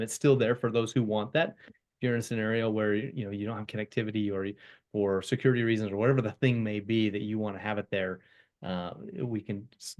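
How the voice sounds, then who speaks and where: A man with a somewhat low voice answers questions in a webinar interview. He explains things earnestly and openly, in a polished sales style, and often repeats words as he goes. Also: darkish tone. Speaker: software company guest.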